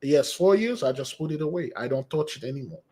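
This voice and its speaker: A man hosting a spiritual channel, telling rambling personal stories in a casual, animated way and answering viewer questions, often restarting sentences and jumping up in pitch to quote women. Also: brisk, breathy edge. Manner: jumps to a higher voice when quoting women. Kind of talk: casual storytelling and Q&A stream.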